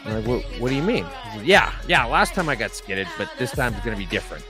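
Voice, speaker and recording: A man co-hosting a podcast, telling a long rambling story in a casual, deadpan joking way. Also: lowish voice, quick pace, music in the background. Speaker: podcast co-host.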